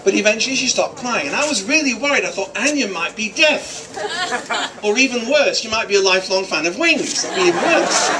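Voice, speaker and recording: A middle-aged man giving a joking father-of-the-bride wedding speech, teasing the guests. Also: high voice. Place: wedding reception hall. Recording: distant, with crowd noise. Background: guests laughing and chattering.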